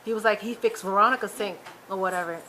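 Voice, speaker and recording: A woman hosting a casual TV episode recap, chatty and animated, retelling scenes with quick asides. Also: mid-range voice, a little hiss or hum. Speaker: YouTube TV recap host.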